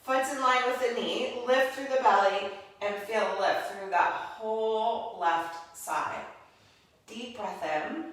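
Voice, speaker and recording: A woman teaching a guided yoga class, calmly cueing each move step by step with spiritual encouragement. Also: on the high side, slow pace. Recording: very echoey room, voice from a distance.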